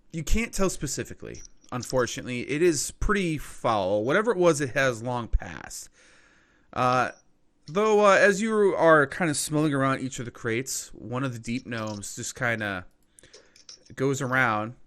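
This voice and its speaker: A man narrating a tabletop game as game master, relaxed with fillers and quick asides. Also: medium pitch.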